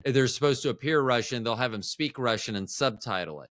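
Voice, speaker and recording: A man's voice: mid-range voice, lively intonation, a little fast, a bit bright, dry recording, studio quality. A man in his fifties, a film producer guest on a podcast, talking in a rambling, enthusiastic way with many restarts. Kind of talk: casual podcast chat.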